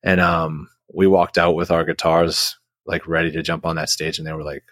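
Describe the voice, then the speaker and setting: A man's voice: low-pitched, brisk, hardly any pauses, no echo, studio quality. A man who is a guest musician, telling a long story in a casual interview, rambling with many restarts and fillers.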